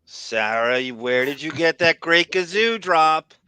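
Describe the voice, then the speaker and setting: Speaking slowly in a slightly high, smooth but raspy voice, this co-host rambles through a loose podcast conversation. He gets excited and often breaks off his own thoughts partway through, with no room sound on the recording.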